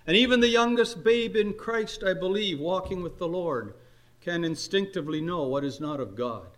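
An older man preaching a sermon, earnest and unhurried, his voice climbing on emphatic questions. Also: high voice, expressive. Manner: earnest, slow exhortation with rising emphatic questions.

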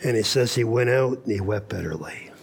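A man's voice: mid-range voice, animated, a little fast, vocal fry, breathy edge. A man preaching a sermon at a camp meeting, telling Bible stories and acting out the dialogue. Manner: storytelling, acts out dialogue in quotes.

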